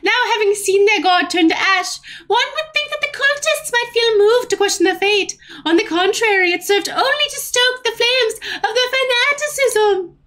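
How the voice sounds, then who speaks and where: A woman's voice: very high voice, bright, forceful tone, voice pushed up. A woman putting on a lofty forest warden voice. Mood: solemn briefing. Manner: slow, formal, lofty delivery. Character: stern forest warden briefing an adventurer. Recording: faint game music behind.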